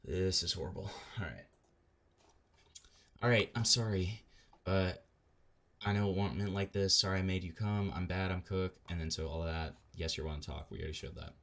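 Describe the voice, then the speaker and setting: A man's voice: low voice, moderate pace, a bit bright. A man giving casual, sarcastic reaction commentary with crude slang and frequent fillers. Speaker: online commentator.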